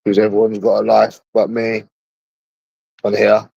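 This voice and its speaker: A man's voice: on the low side, monotone, measured pace, gravelly, dark tone, slightly rough, no echo, lo-fi sound. A man streaming alone, rambling in a casual, mocking monologue full of swearing. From London. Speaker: livestreamer.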